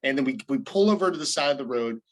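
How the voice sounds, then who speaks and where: Male co-host, mid-pitched, quick to cut in with his own version. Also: lively intonation. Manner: jokey, jumps in to correct the story. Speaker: podcast co-host. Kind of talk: casual chat.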